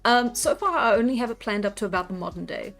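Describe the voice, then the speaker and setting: A woman's voice: a little high, expressive, fast, gravelly, a bit bright. A young woman livestreaming while she draws, chatting casually with viewers and laughing often. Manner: giggly, chatty, frequent laughter and restarts. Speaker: livestreamer and artist. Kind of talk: casual live-stream chat while drawing. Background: faint background music.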